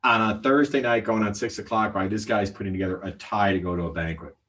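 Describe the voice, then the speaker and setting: A middle-aged man, a sales trainer, telling a story on a livestream in an animated way and acting out the voices of the people in it. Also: on the low side, quick pace. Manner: animated, acts out quoted voices.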